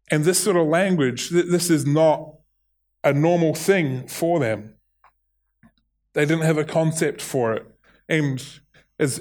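A middle-aged man with a New Zealand accent delivers a sermon in a slightly high voice. He speaks earnestly, restarting and repeating words as he builds his point. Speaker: pastor.

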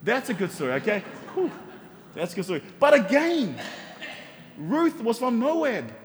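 A man's voice: very high-pitched, very animated, measured pace, long reverb tail, a little hiss or hum. A middle-aged man preaching a sermon in a church, telling stories with humor and rhetorical questions. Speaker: pastor.

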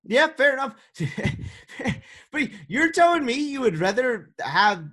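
A man co-hosting a casual sports podcast, talking in an animated, joking way with quick restarts. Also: very high-pitched. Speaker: podcast co-host.

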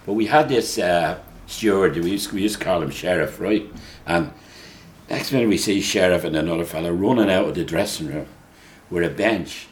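A man's voice: sits low, moderate pace. An older man telling laughing anecdotes in a casual chat. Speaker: guest telling stories.

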